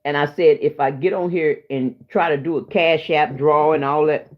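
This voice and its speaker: Over dull lo-fi audio, a livestream host rambles emotionally to her viewers after getting no sleep the night before. Her voice is low-pitched and steady in tone, and she speaks at a moderate pace.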